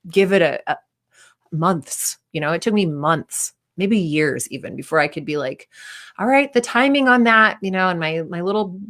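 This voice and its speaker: Candid woman coach, lowish voice. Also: normal speed. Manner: warm, candid, acts out quoted voices. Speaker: performance coach. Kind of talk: casual coaching talk.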